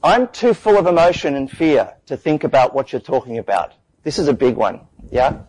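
A man giving a lively public talk on change, acting out the objections people raise. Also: medium pitch, moderate pace, poor audio. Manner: animated, acts out quoted objections. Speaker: conference speaker.

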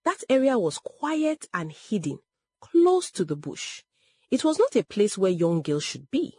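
A woman narrating a dramatic story in a slow, expressive, emotional way. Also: medium pitch, breathy edge, no echo.

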